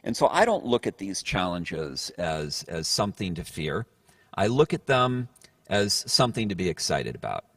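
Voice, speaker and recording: A man's voice: sits low, no room sound. A man giving a motivational talk, telling a story in an earnest way and often restarting his phrases. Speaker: speaker.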